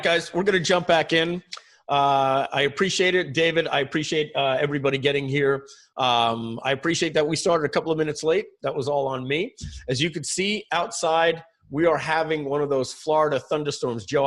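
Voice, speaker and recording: A man's voice: on the high side, fairly quick, fairly bright tone. A middle-aged man whose first language is French, presenting on a webinar over a video call in a chatty storytelling way with many fillers. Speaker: guest presenter.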